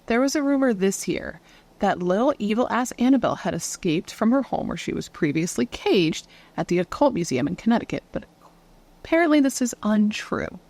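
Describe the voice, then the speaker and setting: This is a woman telling spooky true stories in a loose, conversational way. Her pitch moves around a lot as she talks. She swears easily and keeps turning to her audience with playful rhetorical questions. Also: a little mellow, dry recording. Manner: chatty, swears casually, asks viewers rhetorical questions. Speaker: true crime YouTuber. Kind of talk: casual true-crime storytelling.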